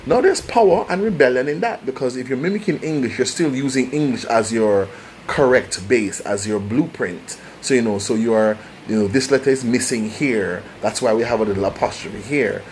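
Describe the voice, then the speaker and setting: This Jamaican host delivers a casual but passionate monologue, speaking emphatically and frequently restarting his phrases. His voice is medium-pitched at a normal pace, with slight noise in the background.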